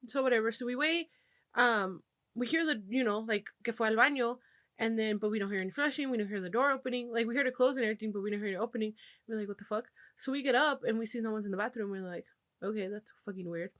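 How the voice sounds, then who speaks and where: A woman's voice: on the high side, quick pace, fairly bright tone, no room sound. A young woman hosting a podcast, telling stories in loose casual chat, swearing freely and slipping into Spanish. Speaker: podcast host.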